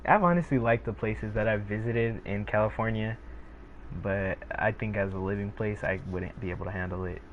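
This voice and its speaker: A man's voice: lowish voice, moderate pace. A teenage male gaming streamer chatting casually with viewers, rambling along with lots of fillers and restarts. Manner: rambling, laid-back, many fillers and restarts. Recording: tinny phone-like sound with faint noise.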